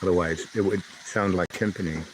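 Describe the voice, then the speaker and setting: A man hosting a casual livestream on an old phone, talking in a halting, rambling way full of fillers and "right?", with a slight lisp and twang. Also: sits low, steady tone, background noise. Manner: halting, filler-heavy, asks "right?" often. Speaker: livestream host.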